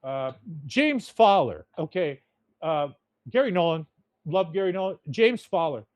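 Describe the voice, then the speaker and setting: A man's voice: a little high, animated, measured pace, darkish tone, no echo. A man hosting a podcast, ranting in a blunt, profane, rambling way. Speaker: podcast host. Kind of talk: casual rant.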